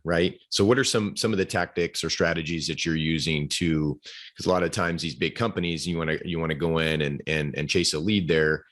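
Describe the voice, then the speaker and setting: A man's voice: extremely low pitch, fairly bright tone. A man hosting an interview, asking a rambling question with many restarts. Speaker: podcast host.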